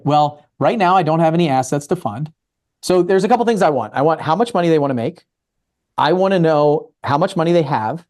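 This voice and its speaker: A man's voice: a little high, expressive, fairly quick, a little mellow. A man from Maryland giving a casual real estate talk, acting out both sides of conversations with investors. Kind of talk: casual talk with acted dialogue.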